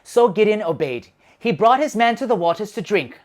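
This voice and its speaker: Lively woman telling a children's story. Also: mid-range voice, normal speed. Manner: animated and expressive, with shouted sound effects. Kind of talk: children's Bible story narration.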